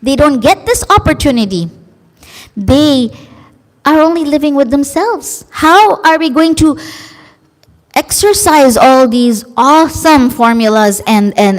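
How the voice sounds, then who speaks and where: A woman preacher giving an emotive religious sermon, expressive and acting out quoted voices. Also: sits high, a little slow. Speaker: female preacher. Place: large community centre hall. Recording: long hall reverb.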